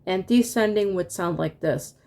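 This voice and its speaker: A woman's voice: lowish voice, normal speed, vocal fry, a little mellow. A woman teaching a casual online music lesson, singing solfege syllables and chatting with fillers and laughs.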